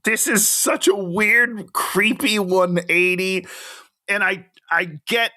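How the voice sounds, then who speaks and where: A man co-hosting a podcast, reacting to a movie in casual chat, animated and incredulous, laughing often. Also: high voice, takes it slowly, no room sound. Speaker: podcast co-host.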